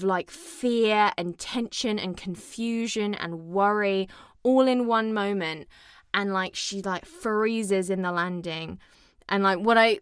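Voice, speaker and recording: In a dry, studio-quality recording, a young woman with a smooth, medium-pitched voice co-hosts a podcast. She chats casually and animatedly about a film, dramatically acting out scenes and swearing now and then.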